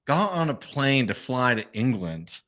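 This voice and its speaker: A man's voice: medium pitch, sing-song, a little slow, fairly bright tone. A man speaking as a podcast guest in a rambling casual chat, chuckling as he talks. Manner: rambling, chuckles mid-sentence. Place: Austin, Texas.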